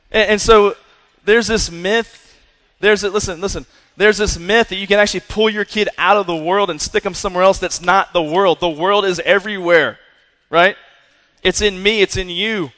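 High-voiced energetic male preacher, reverberant hall. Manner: energetic, repeats "right?" and "listen". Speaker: youth pastor. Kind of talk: sermon to young people.

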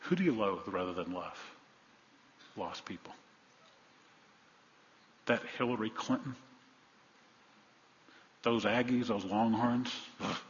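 A male pastor delivering a sermon, firing rhetorical questions at the congregation and swinging between loud emphasis and hushed asides. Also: fairly low pitch, slow, pauses often. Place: church sanctuary. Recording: dull lo-fi sound with long hall reverb.

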